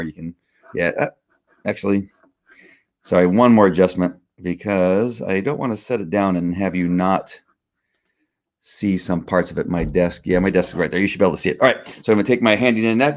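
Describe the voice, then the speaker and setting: Chatty breathless man unboxing at his desk. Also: low voice. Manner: rambling, chatty, many fillers and restarts. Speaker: vlogger unboxing a gift. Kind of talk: casual live-stream unboxing. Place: home studio.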